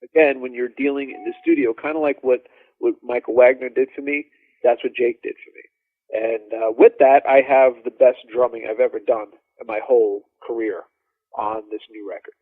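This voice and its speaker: Brief: male musician guest, lively storyteller, phone-quality dry audio. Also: mid-range voice, normal speed, dry recording. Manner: animated, rambling, acts out quoted dialogue. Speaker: drummer guest. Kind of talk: casual storytelling interview. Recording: dry tinny phone-like line.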